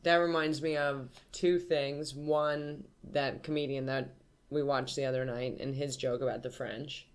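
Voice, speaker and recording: A woman's voice: rumbling low, fairly even intonation, measured pace, clean tone. Giggly teasing woman co-host. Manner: laughs easily, teasing. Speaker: podcast co-host. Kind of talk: casual comedic chat.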